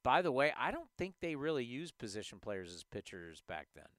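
A man hosting a sports talk show, ranting in an animated, emphatic way into a studio microphone. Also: mid-range voice, fairly quick, dry recording. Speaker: sports podcast host.

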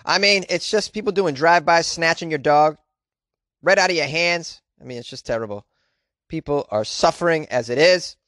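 A man's voice: on the high side, normal speed, a bit bright, no room sound. Wisecracking male podcast host, dry sound. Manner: sarcastic, crude, rambling, talks to himself. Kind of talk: comic news commentary.

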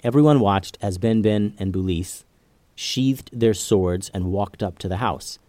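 A man hosting a children's podcast, narrating a story in a gentle, expressive way. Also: lowish voice, measured pace, no echo.

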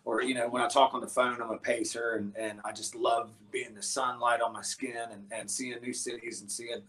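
Guesting on an interview program, a musician from a band tells lively, meandering anecdotes, stumbling into restarts and filler words along the way. He talks at an ordinary speed with a mid-range voice.

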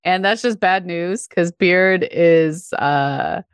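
A woman's voice: lowish voice, takes it slowly, clean tone, no echo. A woman co-hosting a podcast, chatting casually about a TV episode, with lots of fillers and frequent laughs. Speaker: podcast co-host. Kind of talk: casual chat about a TV show.

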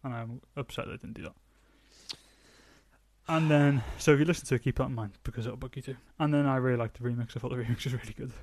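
A man's voice: medium pitch, steady tone, fast talker, darkish tone, no room sound. A young man co-hosting a podcast, chatting casually and with strong opinions about songs, laughing easily. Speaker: podcast co-host. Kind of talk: casual music review chat.

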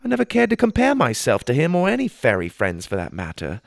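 A man narrating a story in the first person, reading in an expressive, animated way. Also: mid-range voice, fast, vocal fry, no room sound.

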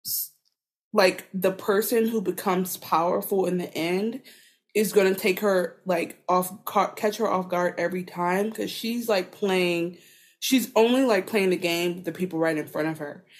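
A woman's voice: on the low side, unhurried. A woman co-hosting a podcast, chatting casually in a rambling, profane way full of filler words. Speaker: podcast co-host. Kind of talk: casual chat.

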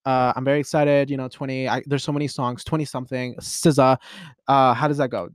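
A twenty-year-old man hosting a podcast from his closet, rambling in a casual solo monologue full of "like" and restarts, with excitable jumps in pitch. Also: quick pace, no room sound, studio quality. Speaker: podcast host.

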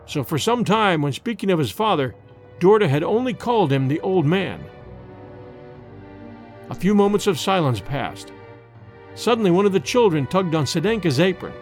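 A man narrating a classic ghost story in an expressive, old-fashioned storybook reading. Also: sits high, normal speed, pauses often. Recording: dry close recording with faint music.

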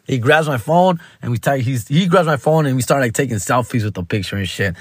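A man's voice: mid-range voice, quick pace, no echo, studio quality. A male stand-up comedian telling a story casually, full of slang and swearing. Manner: slangy and profane, calls listeners "fool" and "dog".

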